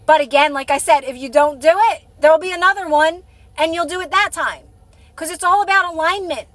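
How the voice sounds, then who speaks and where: Bright, high-voiced woman chatting on a live stream. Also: a little fast, dry recording. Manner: chatty, encouraging, rambling with restarts. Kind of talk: casual live stream chat with viewers.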